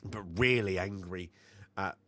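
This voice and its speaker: A man's voice: deep voice, pushed and bright, dry recording. Rambling man, dry close sound. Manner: rambling recap full of fillers and quick voice impressions. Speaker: film review podcast co-host. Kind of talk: casual chat.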